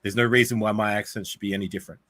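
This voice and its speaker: An Australian guest with a low but bright, forceful voice in a dry-sounding recording. He argues his case in a casual chat about sports. He leans on "like" and "you know" as he talks. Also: steady tone, very fast, no echo. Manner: argumentative, uses "like" often.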